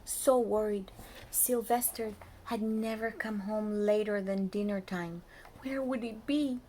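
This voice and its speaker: A woman reading a picture book aloud to young children as their preschool teacher, lively and often dropping to a soft whisper to talk to them. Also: medium pitch, a little hiss or hum.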